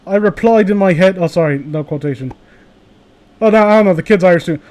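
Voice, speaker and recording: Young male host, high voice, sarcastic, profane, comedic read-through. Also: quick pace, a little mellow. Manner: sarcastic, swears, laughs, mock voices for quotes. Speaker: host reading fan fiction aloud. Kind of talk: casual comedic reading and commentary.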